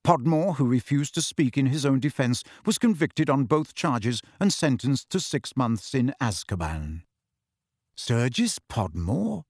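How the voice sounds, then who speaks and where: A man giving steady, even storybook narration as an audiobook reader. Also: medium pitch, normal speed, hardly any pauses, no room sound, studio quality.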